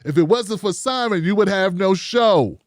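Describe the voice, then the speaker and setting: A man hosting a commentary show, giving a blunt, animated opinion monologue full of rhetorical questions. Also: high voice, moderate pace, no room sound, studio quality.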